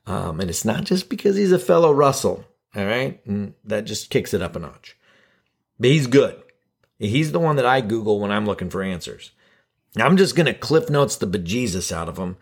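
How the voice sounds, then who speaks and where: A man's voice: lowish voice, big pitch swings, normal speed, creaky, breathy edge. A man hosting a podcast alone, talking in a casual, rambling and self-deprecating joking way. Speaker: podcast host. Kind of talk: casual solo podcast monologue.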